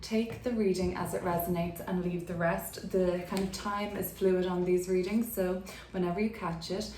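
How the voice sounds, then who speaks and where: A woman's voice: on the low side, fairly even intonation, normal speed, darkish tone, echoey room. A woman giving a casual tarot reading from her apartment, chatty and full of fillers. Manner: chatty, filler-heavy, laughs easily. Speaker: tarot reader.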